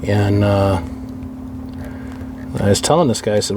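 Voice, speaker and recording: Working on an uncooperative amplifier, this middle-aged radio hobbyist rambles casually to himself in a wry, grumbling manner. His voice is fairly low and dark in tone, a little slow, with long pauses and slight background noise.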